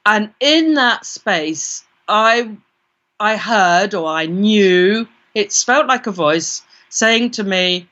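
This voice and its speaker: A woman's voice: medium pitch, animated, slow, a bit bright. A British woman, an interview guest, telling a vivid first-person story and acting out her own inner voice. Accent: British English. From Britain. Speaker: guest, parapsychologist. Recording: dull lo-fi recording.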